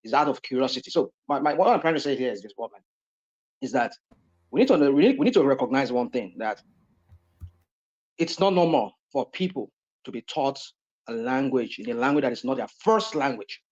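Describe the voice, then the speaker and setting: A man's voice: medium pitch, lively intonation, a little fast, darkish tone. A man from Nigeria speaking on a live online panel, rambling with many fillers and restarts. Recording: dull lo-fi audio.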